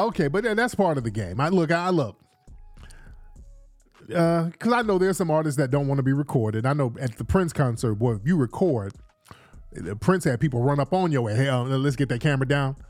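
A man's voice: fairly high pitch, sing-song, normal speed, a little mellow, no echo, faint music behind. A man hosting a casual commentary vlog, rambling, repeating himself and laughing often. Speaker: vlog host.

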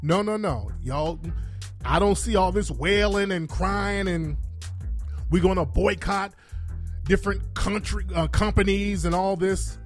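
A high-voiced man rants on his commentary show, blunt and profane. He hammers his points hard and slips into mocking falsetto impressions. Faint music sits behind him. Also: unhurried. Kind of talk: opinionated political commentary monologue.

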